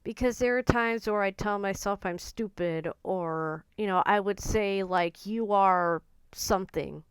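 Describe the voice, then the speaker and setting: A woman vlogger talking in an earnest, gentle and confiding way about her own feelings. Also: mid-range voice, steady tone, measured pace, few pauses, clean tone, no room sound. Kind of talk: personal reflective talk to camera.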